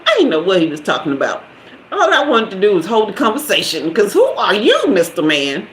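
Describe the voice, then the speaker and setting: A woman in her fifties telling a lively personal story to her live-stream viewers, laughing often and talking straight to them. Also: medium pitch, moderate pace. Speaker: host of a live tarot stream. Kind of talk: casual storytelling to a live chat. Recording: echoey room with faint background hiss.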